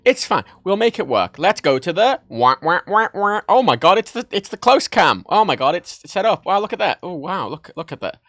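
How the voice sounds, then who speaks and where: Excitable man rambling on stream. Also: high voice, normal speed, few pauses, no echo, studio quality. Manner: excitable, joking, rambling show-and-tell. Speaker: livestream host. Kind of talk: casual livestream chat. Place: home desk setup.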